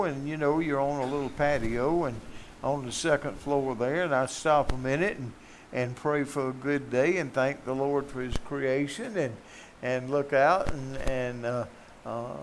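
A man's voice: medium pitch, moderate pace, a little hiss or hum. Folksy older Southern preacher man. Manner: storytelling, joking, rising to emphatic peaks. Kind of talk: folksy sermon.

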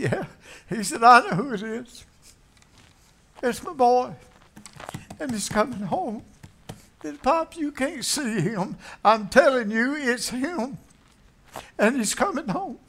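A man's voice: very high-pitched, big pitch swings, slow pace, long pauses, fairly bright tone. A man preaching a sermon, telling a story in a folksy way and acting out its characters. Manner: folksy, acts out voices in the story.

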